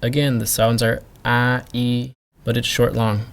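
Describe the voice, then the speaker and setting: A man teaching a pronunciation lesson, explaining each sound deliberately and repeating sample words for the learner to hear. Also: mid-range voice, little pitch movement, gravelly, a bit bright. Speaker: language teacher.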